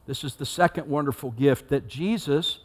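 A man's voice: a little high, normal speed. A man giving a sermon as a pastor, preaching in a conversational way and acting out the story with rising intensity.

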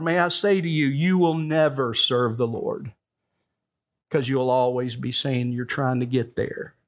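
A man in his sixties preaching a sermon, telling the story with acted-out dialogue and building to emphatic points. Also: on the high side. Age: 60s. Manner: storytelling preacher who acts out the dialogue, rising to emphatic peaks. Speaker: pastor.

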